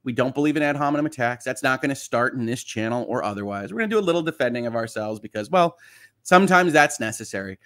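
A man's voice: medium pitch, fast talker. A man hosting a livestream, reading viewer comments aloud with a reassuring, joking manner. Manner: reassuring, joking, lively swings in loudness. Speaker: livestream host.

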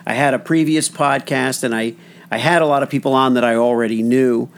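A man hosting a podcast, chatting casually in a halting way with frequent restarts. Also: mid-range voice, steady tone. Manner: halting, many restarts and fillers. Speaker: podcast host. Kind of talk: casual interview chat.

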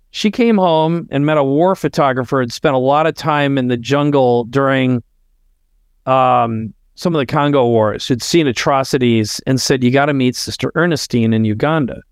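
A middle-aged man speaks as a podcast guest, telling a heartfelt story in an earnest, conversational way. He acts out bits of dialogue as he goes. His voice sounds close and dry, with no room echo. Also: mid-range voice. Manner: earnest, heartfelt, tells stories with quoted dialogue.

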